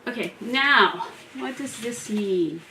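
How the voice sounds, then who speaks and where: A woman's voice: fairly high pitch, lively intonation, slow pace, sharp tone, distant mic, slight background noise. A woman in a casual craft vlog, chatting and laughing as she works at a table and tells a story. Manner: chatty, laughs often, talks while working. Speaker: crafter making a wreath.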